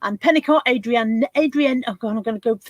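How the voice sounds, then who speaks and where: A woman hosting a casual livestream from her home desk, chatting and reading out viewer names in quick lists. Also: fairly high pitch, no echo. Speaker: livestream host.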